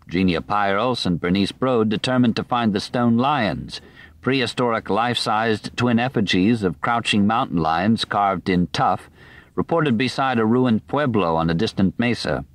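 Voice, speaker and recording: A man narrating a nonfiction audiobook in a measured, even reading voice on a studio microphone. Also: mid-range voice, no room sound.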